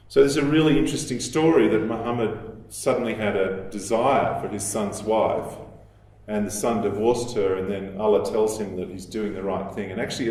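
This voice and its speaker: A man giving a lecture in a measured, explanatory way, with fillers and restarts as he thinks aloud. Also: lowish voice, a little mellow. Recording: echoey hall, voice from a distance.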